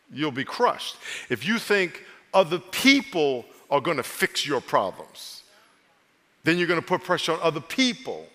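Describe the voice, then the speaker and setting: A male pastor preaching a lively, humorous sermon, drawing his congregation into call-and-response. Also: fairly high pitch. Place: church sanctuary. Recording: long reverb of a church hall.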